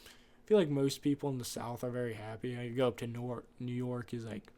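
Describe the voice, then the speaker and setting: A man's voice: mid-range voice, fairly even intonation, fairly quick, mellow. A man hosting a podcast, rambling off script through an opinionated casual monologue. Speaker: podcast host.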